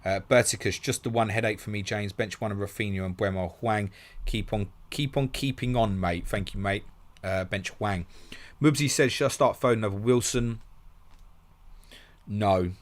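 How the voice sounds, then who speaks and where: Brisk low-voiced man hosting. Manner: brisk, matey, reads questions then answers. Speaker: podcast host. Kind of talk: live stream answering listener questions.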